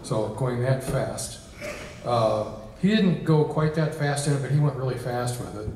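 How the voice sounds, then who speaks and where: A man's voice: medium pitch, lively intonation, measured pace, darkish tone, slight background noise. A man giving an informal lecture to an audience, conversational and full of ums and uhs. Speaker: guest speaker. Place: reception hall with an audience. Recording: echoey hall, mic at a distance.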